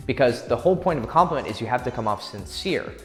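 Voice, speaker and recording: Brash, cussing dating coach in an echoey room. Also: male voice, medium pitch, lively intonation. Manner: brash, crude and swaggering, acts out quick pick-up lines. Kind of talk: profane, direct dating advice. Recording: echoey room with long reverb and faint music.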